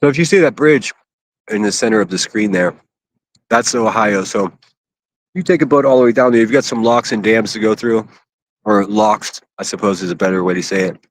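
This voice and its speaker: A man's voice: lowish voice, a little fast, dry recording. A man from Pittsburgh chatting casually and a bit crudely on a phone livestream from an outdoor city park. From Pittsburgh, USA. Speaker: IRL livestreamer.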